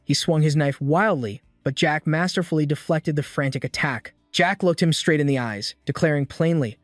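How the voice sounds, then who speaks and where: A man narrating a scripted story recap with a steady storytelling delivery. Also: a little high, moderate pace, no room sound, clean studio sound, faint music behind.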